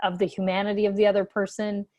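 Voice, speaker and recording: A woman's voice: medium pitch, flat delivery, fast talker, a little mellow, muffled recording. Woman hosting a webinar, enthusiastic. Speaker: webinar host. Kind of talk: casual webinar chat.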